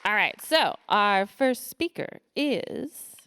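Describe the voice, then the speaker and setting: A woman's voice: medium pitch, big pitch swings, takes it slowly, bright, forceful tone, smooth. A woman emceeing lightning talks at a conference, introducing speakers with breezy, offhand asides. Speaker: session host. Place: conference stage.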